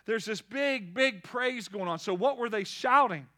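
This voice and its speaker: A man preaching a lively sermon, calling out to the congregation and building to shouts. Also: high voice, measured pace. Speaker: pastor.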